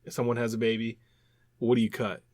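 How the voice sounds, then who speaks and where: A man co-hosting a podcast in casual chat, animated and rambling, often repeating words as he explains. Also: medium pitch, fast talker, no room sound, studio quality. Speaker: podcast co-host.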